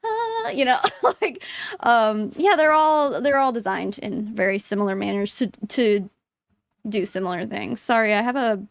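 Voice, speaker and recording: A woman's voice: mid-range voice, normal speed, vocal fry, dry recording. A young woman giving blunt, sarcastic reaction commentary, laughing often as she talks. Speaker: commentary host.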